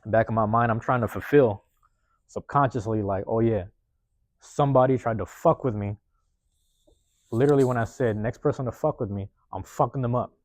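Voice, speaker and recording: A man hosting a podcast, telling a personal story in a rapid, profane, casual way and acting out the lines of the people in it. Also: medium pitch, dry recording. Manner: profane, rapid, animated retelling with acted-out quotes. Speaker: podcast host.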